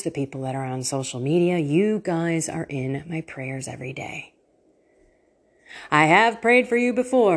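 A woman's voice: deep voice, animated, moderate pace. A woman hosting a faith podcast, talking in an earnest, chatty way and laughing often. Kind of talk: casual faith podcast talk.

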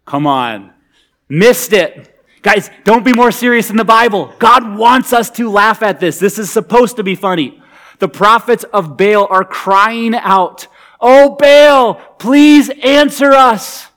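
Conversational male preacher, fairly high voice. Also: a little slow, bright, forceful tone. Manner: conversational, humorous, emphatic. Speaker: pastor. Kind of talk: sermon.

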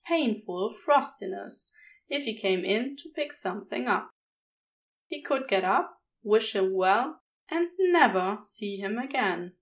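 A woman reading a fan story aloud as a podfic, in a measured, steady narration. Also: on the high side, far from the mic. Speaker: podfic reader. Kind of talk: audiobook narration.

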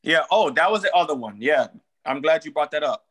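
A man's voice: fairly high pitch, expressive, a little fast, a bit bright, slightly rough. A man, a real estate wholesaler, chatting casually on a podcast in loose slang and acting out sample phone calls.

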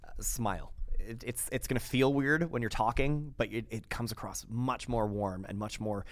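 A young man from Quebec, a radio host guesting on a podcast, talking in a chatty, animated way with many restarts. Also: mid-range voice, normal speed, no room sound. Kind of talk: casual interview chat.

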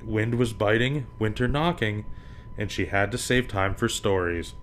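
A man hosting a podcast, reading children's picture books aloud in an animated way and acting out the sound effects. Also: lowish voice, measured pace, a little hiss or hum.

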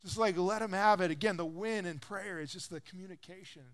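A man in his thirties preaches in a relaxed, conversational way, his voice sitting fairly high for a man. The tone is smooth and resonant. He leans into his stories and acts out the quotes with lively emphasis. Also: fast talker. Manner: animated storyteller, acts out quotes with rising pitch and volume. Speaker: pastor. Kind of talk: casual conversational sermon.

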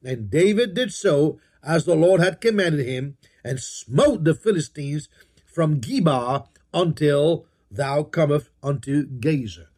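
A man's voice: fairly high pitch, animated, slow pace, a little mellow. A man preaching a sermon, emphatic, repeating key phrases and telling his listeners what to underline.

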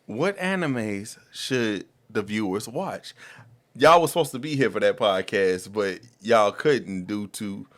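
Animated slangy man hosting a podcast. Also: fairly low pitch, slow. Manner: animated, slangy, repeats words when starting sentences. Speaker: podcast host. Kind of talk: casual podcast chat.

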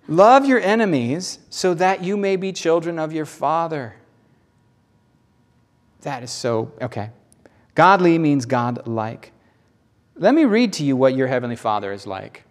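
Rich: A Southern-accented preacher delivering a sermon with a bouncy, highly expressive voice that climbs and dips constantly. He sits a touch higher than most men and punches key words with playful emphasis. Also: unhurried, long pauses. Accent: Southern American.

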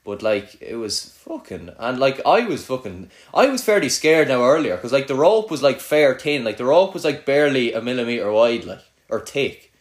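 A man's voice: medium pitch, sing-song, normal speed. Young kildare lad slagging his mate, swears loads, rambles on. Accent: Irish, Kildare. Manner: swears a lot, teasing, rambling with many "like"s. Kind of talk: casual banter with a friend.

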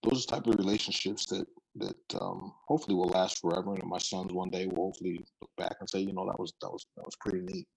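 This low-pitched man speaks quickly with vocal fry, a breathy edge and hardly any pauses, captured on a low-quality recording. A middle-aged football coach, he rambles through stories in a laid-back interview, frequently restarting sentences.

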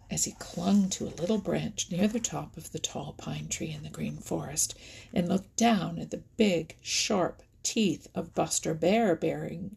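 Husky, gravelly woman reading a storybook. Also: lowish voice. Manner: gentle, often drops to a whisper. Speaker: narrator. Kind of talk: storybook narration.

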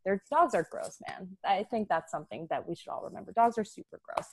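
A woman telling her story as a guest in a casual interview, chatty and lively, with plenty of fillers. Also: medium pitch, a little fast, slight background noise. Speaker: guest, dog business owner.

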